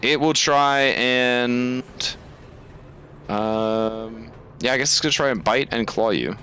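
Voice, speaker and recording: A man's voice: mid-range voice, slow, bright, forceful tone, slight background noise. A man running a tabletop game as game master, thinking aloud with lots of fillers.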